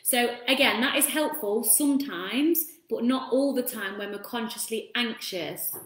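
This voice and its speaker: Her voice sits on the high side and moves a little slowly as she leads a relaxed self-help talk on a live stream. She chats loosely and keeps breaking off for warm hellos to viewers, all in an echoey room.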